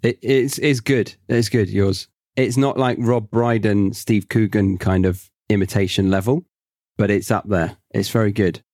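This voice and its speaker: A man's voice: lowish voice, steady tone, measured pace, a little mellow, no room sound, clean studio sound. Easygoing man hosting a casual chat. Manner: friendly, laughs easily, asks questions. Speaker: podcast host.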